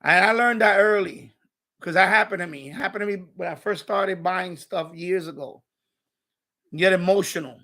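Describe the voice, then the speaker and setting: A man's voice: high-pitched, normal speed, bright, forceful tone. A man hosting a live stream, chatting casually and rambling, with many restarts and repeated phrases.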